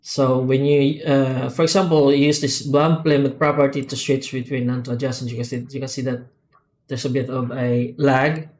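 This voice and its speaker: A man at an ordinary middle pitch demonstrates his software add-ons step by step. He speaks unscripted and methodically, breaking off often with "uh" and "um" and starting phrases over. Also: flat delivery. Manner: halting, unscripted, with frequent "uh" and "um" pauses and restarts; methodical, explanatory walkthrough. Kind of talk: screen-recorded software tutorial.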